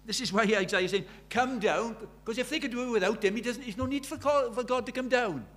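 A man's voice: very high-pitched, fast, a bit bright. A man preaching a sermon, telling stories in a conversational way and building to urgent emphasis.

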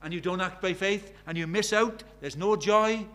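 Older male preacher, high-pitched, earnest sermon delivery with soft asides and fervent peaks. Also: moderate pace. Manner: earnest, swinging between soft and emphatic, acts out quoted prayers.

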